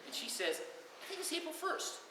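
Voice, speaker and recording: An older man telling stories at his own retirement party, animated and acting out the voices of the people in them. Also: very high voice, moderate pace, noisy background. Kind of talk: storytelling to a crowd. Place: hall at a party, heard from afar. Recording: roomy hall, voice far from the mic.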